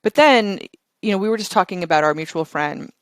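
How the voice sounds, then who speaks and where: A woman's voice: on the low side, animated, fairly quick, dry recording. A middle-aged woman, a company founder, chatting energetically as an interview guest, often laughing and restarting her sentences. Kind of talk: casual interview chat.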